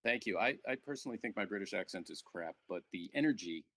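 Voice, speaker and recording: A man's voice: sits low, expressive, quick pace, fairly bright tone. A man co-commentating live, chatty and jokey.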